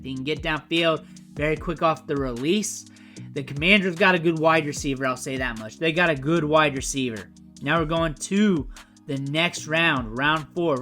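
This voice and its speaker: Man, fantasy football analyst, bright forceful voice, slightly high, opinionated, music underneath. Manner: opinionated, emphatic repetitions. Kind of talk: casual solo mock draft breakdown.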